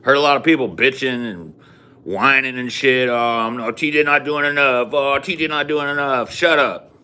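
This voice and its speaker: A man's voice: medium pitch, expressive, moderate pace, bright, forceful tone, voice pushed up. A man voicing a crude, bellowing male president who rants at his critics and barks profane orders. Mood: ranting. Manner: profane, ranting, barking orders.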